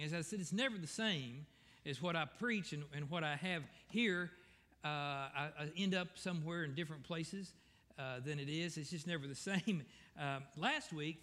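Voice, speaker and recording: A pastor delivers a folksy, digressive sermon, circling back to correct himself as he goes. His voice is bright and sits a touch above the usual male pitch. The long reverb of a church sanctuary hangs behind him.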